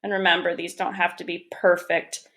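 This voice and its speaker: A woman teaching young children, reading a picture book aloud and explaining step by step in a gentle, encouraging way. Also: lowish voice, flat delivery, normal speed. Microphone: camera or phone on a desk.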